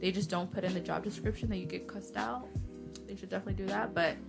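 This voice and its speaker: Animated young woman telling work stories. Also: medium pitch, quick pace, vocal fry, loud music behind the voice. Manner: animated storytelling, acting out quoted voices, frequent swearing. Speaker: nursing assistant. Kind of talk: casual podcast chat.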